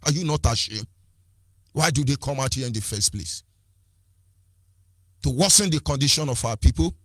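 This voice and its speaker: A man's voice: mid-range voice, expressive, normal speed, no room sound, studio quality. A Nigerian man with a Nigerian accent giving an impassioned political address, firing rhetorical questions, repeating phrases and switching between languages. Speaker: activist speaker.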